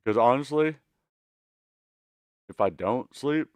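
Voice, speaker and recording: Profane, rambling man with a lively voice. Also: medium pitch, takes it slowly, clear, resonant tone, no echo. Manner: profane, rambling, stammering restarts. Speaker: streamer host. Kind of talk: casual chat.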